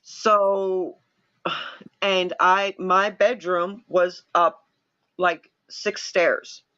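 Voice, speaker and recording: A woman host chats on a live stream, her voice bright and sharp and her delivery animated as she acts out the people in her stories. The sound is dull and lo-fi, like compressed stream audio. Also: lowish voice, extremely slow. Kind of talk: casual live-stream chat.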